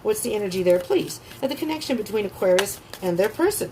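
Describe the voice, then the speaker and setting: A woman giving a tarot reading who gushes with excitement, swears freely and breaks into gasps and laughter. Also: mid-range voice, fast, hardly any pauses, slight background noise, poor audio. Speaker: tarot reader.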